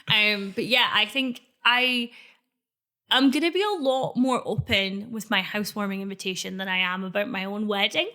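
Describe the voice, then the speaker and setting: A woman in her thirties co-hosting a podcast in casual, animated chat, often laughing. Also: medium pitch, moderate pace. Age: 30s. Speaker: podcast co-host.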